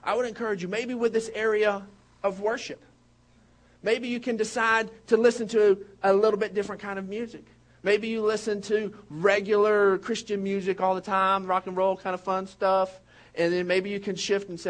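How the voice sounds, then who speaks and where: Animated high-voiced pastor. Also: male voice, moderate pace. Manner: animated, joking storyteller. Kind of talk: sermon.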